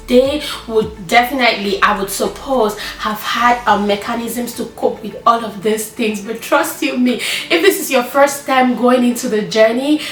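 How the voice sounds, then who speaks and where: A chatty woman talking candidly as a new mother, often acting out her own frantic inner thoughts. Her voice sits a little high, and the room around her rings with echo. Soft music plays faintly underneath. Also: far from the mic. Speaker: vlogger, first-time mother. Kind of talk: candid personal vlog talk.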